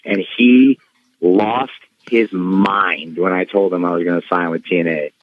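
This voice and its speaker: Deep-voiced man telling a story. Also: measured pace, no room sound. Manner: animated storyteller who acts out voices. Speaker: guest wrestler. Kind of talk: casual storytelling interview. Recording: dull dry studio sound.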